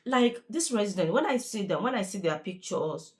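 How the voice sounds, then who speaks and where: A woman's voice: mid-range voice, expressive, moderate pace, slight background noise. A young woman, a care worker talking in a chatty, earnest, repetitive way in a casual vlog. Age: young adult.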